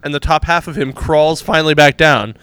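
A man's voice: fairly high pitch, fairly even intonation, a little fast, fairly bright tone, clear, resonant tone, no room sound. A man co-hosting a casual comic book chat, rambling through plot retellings and laughing at his own jokes. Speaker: podcast co-host reviewing comics.

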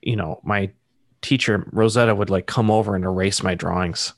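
A man in his thirties talks in a loose, rambling way, full of fillers and asides. His voice sits low, and the sound is dry and close. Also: steady tone, normal speed, gravelly, no echo. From Massachusetts. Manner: rambling, filler-heavy, self-deprecating. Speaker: guest artist. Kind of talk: casual interview chat.

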